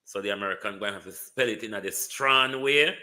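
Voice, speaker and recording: Speaking fast in a lowish, sharp-toned voice, this Jamaican-accented man runs a live stream of laid-back political talk. He calls out viewers by name and doubles up on words to stress his points.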